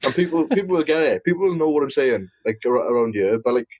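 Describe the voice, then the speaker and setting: A man's voice: medium pitch, animated, fast talker, a little mellow, breathy edge, dry recording, rough recording. A man with a South Welsh accent, a podcast guest in casual chat, rambling with many restarts. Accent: South Wales. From Swansea, Wales. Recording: dry close mic.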